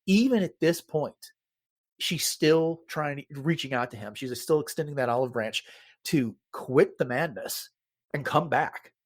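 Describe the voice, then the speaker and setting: A man's voice: fairly high pitch, lively intonation, unhurried. A man co-hosting a podcast, retelling movie scenes in a casual chat and acting out quoted lines. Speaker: podcast co-host.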